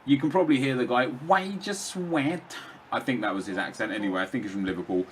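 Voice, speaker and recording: A man's voice: on the low side, very fast, slight background noise. A young man rambling through casual commentary over his own gameplay, chatty, with lots of fillers and restarts. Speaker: gaming commentator.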